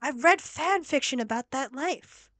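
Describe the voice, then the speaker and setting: A young woman streaming a game, chatty and excitable, reacting and reading story lines aloud. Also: sits high, unhurried, no room sound. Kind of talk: casual game-stream commentary. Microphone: laptop mic.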